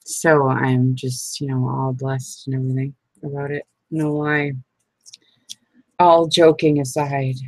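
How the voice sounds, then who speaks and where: A woman's voice: rumbling low, flat delivery, slow pace, a little mellow, no room sound. A middle-aged woman chatting casually as she makes crafts, rambling, laughing often and poking fun at herself. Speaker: craft vlogger. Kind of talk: casual chat while crafting.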